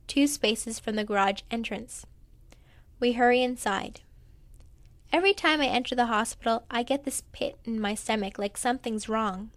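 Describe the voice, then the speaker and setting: A woman reading a first-person memoir aloud in a plain, quiet storytelling manner. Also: on the high side, no room sound. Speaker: narrator.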